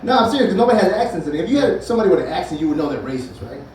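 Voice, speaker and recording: A man's voice: sits high, big pitch swings, very fast, darkish tone, slight background noise. Profane stand-up comic in his forties. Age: 40s. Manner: loose, profane, chatty with crowd asides. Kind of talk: stand-up comedy set. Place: comedy club stage. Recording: echoey club from far off, crowd laughing. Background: audience laughter.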